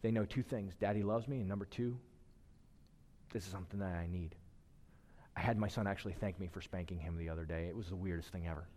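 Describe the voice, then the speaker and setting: A man in his thirties preaching a sermon, talking to the congregation like a conversation, dropping to a hush and then rising with emphasis. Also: low-pitched, steady tone, quick pace, a little hiss or hum. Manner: conversational preaching, shifting between hushed and emphatic. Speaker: pastor. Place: church hall. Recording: long hall reverb.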